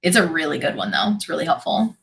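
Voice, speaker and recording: With a low, gravelly voice and a quick, animated delivery, this woman runs a spiritual live stream amid background noise. She chats casually, takes viewers' questions, reacts to comments in the chat, and laughs frequently.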